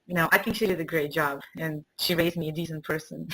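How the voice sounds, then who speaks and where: Casting: earnest woman host, lowish voice, emotional and warm-hearted chat. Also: fairly even intonation, brisk, breathy edge, rough recording. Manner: earnest, emotional, laughs between sentences. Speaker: summit host. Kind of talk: casual interview chat.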